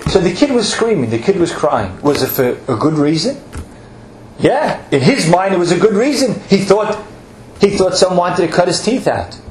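A man's voice: high-pitched, very animated, moderate pace, slight background noise. A man giving an earnest sermon, stretching out words for emphasis and weaving in Hebrew terms. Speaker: rabbi. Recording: echoey room with faint ambience.

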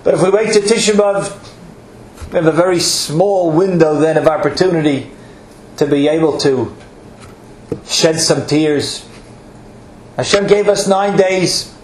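A man's voice: fairly high pitch, darkish tone, slight background noise. Man preaching in an echoey room. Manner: earnest, drawn-out emphasis with Hebrew terms. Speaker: rabbi. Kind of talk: sermon. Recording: echoey room with faint ambience.

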